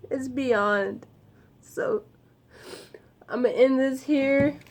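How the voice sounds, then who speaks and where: Slow, gushing young woman unboxing gifts. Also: high voice. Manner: excitable, emotional, slangy and effusive. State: throat dry. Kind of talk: casual unboxing vlog.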